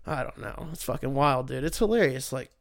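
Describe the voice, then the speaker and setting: A man's voice: medium pitch, expressive, brisk, dry recording, clean studio sound. A young man, hosting a casual solo talk show in a profane, rambling, sarcastic way. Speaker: podcast host.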